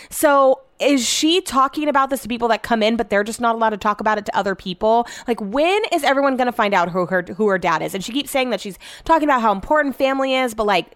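A woman's voice: fairly high pitch, dry recording. Chatty young woman, dry close sound. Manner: chatty and rambling, full of "like" fillers and casual swearing. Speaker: vlogger. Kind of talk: casual chat to viewers.

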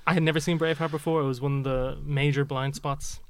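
A man's voice: a little high, flat delivery, fast, clean tone. A man co-hosting a podcast, talking casually and at length, often breaking into laughter. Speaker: podcast co-host.

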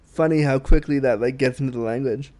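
A man's voice: medium pitch, a little fast, warm tone. A Canadian man hosting a podcast, chatting in an upbeat, rambling way with plenty of fillers. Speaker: podcast host. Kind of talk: casual podcast chat.

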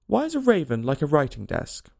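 A man's voice: on the high side, wildly swooping pitch, a little fast, creaky, darkish tone, heavily acted. A man voicing the Hatter, a rude, riddling, eccentric hatmaker. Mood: brusque. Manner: abrupt and contemptuous.

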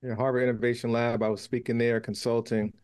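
A man's voice: mid-range voice, little pitch movement, fast, a little mellow, clear, resonant tone. Easygoing man telling a story. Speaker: guest. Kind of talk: casual interview talk.

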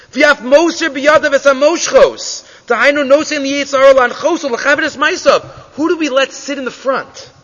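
Man reading and translating a Torah text, high voice, sharp and bright, long hall reverb, dull lo-fi sound. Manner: reads a Hebrew text line by line, then explains it in English, acting out the characters. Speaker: Torah teacher. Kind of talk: Torah class storytelling.

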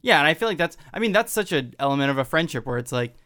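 A man's voice: on the high side, big pitch swings, rapid-fire, bright, forceful tone. A man hosting a casual chat, agreeable and reflective, summing up what his guest says. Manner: reflective, agreeable, sums up the other's point.

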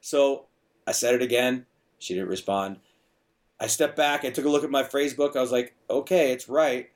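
A man's voice: medium pitch, steady tone, normal speed. Chatty middle-aged man telling stories. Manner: chatty, storytelling, frequent restarts and filler. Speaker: bar owner and bartender guest. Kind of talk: casual podcast conversation.

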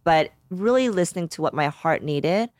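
A woman's voice: on the low side, expressive, moderate pace, a little mellow, no echo. A woman in her thirties co-hosting a podcast, chatting casually and emotionally, with lots of "like"s. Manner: emotional, grateful, rambling with many "like"s. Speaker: podcast co-host. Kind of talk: casual chat.

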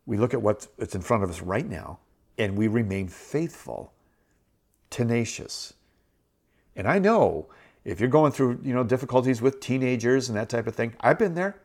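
A man's voice: medium pitch, moderate pace, a little mellow. A middle-aged man hosting a show, giving an earnest, encouraging Bible teaching and repeating phrases for emphasis. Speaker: host.

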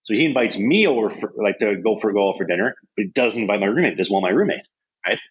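A young man, a hockey goalie telling stories in a casual, profane, animated way with lots of restarts. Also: fairly low pitch, fast, slightly rough, highs cut off. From Canada. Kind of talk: casual storytelling chat.

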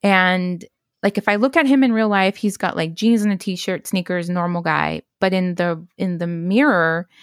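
A woman's voice: fairly low pitch, steady tone, moderate pace, clean tone, no echo, studio quality. Chatty woman in her thirties. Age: 30s. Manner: rambling, many "like" fillers, acts out quotes. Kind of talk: casual chat, retelling a dream.

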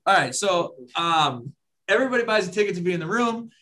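A man's voice: sits high, animated, fairly quick, pushed and bright. A man co-hosting a podcast, telling a story in casual chat, rambling with many fillers and restarts. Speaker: podcast co-host.

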